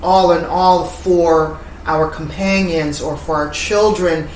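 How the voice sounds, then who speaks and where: A woman's voice: low-pitched, steady tone, slow pace, a little mellow. A woman hosting a podcast interview, affirming and reflective as she asks about her guest's story. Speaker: podcast host. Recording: roomy, distant mic, faint noise.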